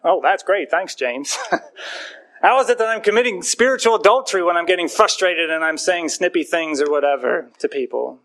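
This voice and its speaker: A man's voice: fairly high pitch, a little fast, a bit bright. A man in his thirties, a pastor preaching a sermon in a conversational, storytelling way with self-mocking humor.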